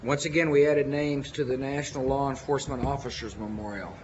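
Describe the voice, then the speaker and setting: A man with a Texan accent giving a formal memorial speech as president, earnest and measured, with deliberate pauses. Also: medium pitch, fairly even intonation, darkish tone, lo-fi sound, a little hiss or hum.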